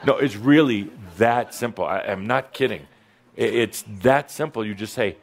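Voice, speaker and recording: A man's voice: on the low side, normal speed, a little hiss or hum. A man giving a playful spiritual talk to a live audience, teasing, joking and leading them in call-and-response. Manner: teasing, joking, often laughing mid-phrase.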